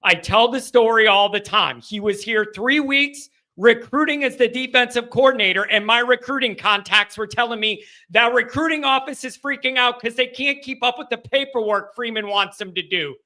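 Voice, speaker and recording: Man, high voice, bright tense tone, live stream host, emotional, excitable. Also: normal speed, hardly any pauses. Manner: emotional and excitable, sometimes shouting. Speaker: host of a fan call-in show. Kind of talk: live postgame stream chat.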